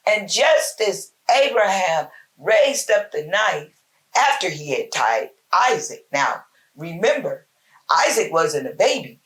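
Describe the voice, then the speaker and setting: Slow, low-voiced woman giving a folksy devotional. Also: very animated. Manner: slow, emphatic, folksy preaching with repetition. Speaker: host giving a short Bible talk. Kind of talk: informal spoken devotional.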